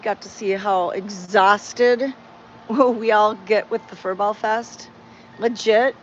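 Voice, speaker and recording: A woman's voice: mid-range voice, steady tone, slow. Female sanctuary host on a live stream, rambling and heartfelt, greets viewers, lo-fi audio. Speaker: cat sanctuary owner hosting a livestream. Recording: dull lo-fi sound with faint background noise.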